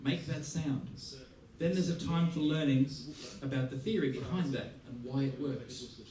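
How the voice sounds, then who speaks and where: A man from Australia giving a music masterclass, playful and lively, acting out little scenes as he teaches. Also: mid-range voice, normal speed. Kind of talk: masterclass talk. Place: large theater hall. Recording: roomy hall from a distance. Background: audience laughter.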